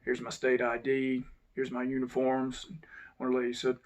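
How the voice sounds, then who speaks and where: A man, telling a personal story to his channel's viewers in an unhurried, reflective way that sometimes drops to a low mutter. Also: little pitch movement, dull audio. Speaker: channel host. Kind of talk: casual storytelling monologue.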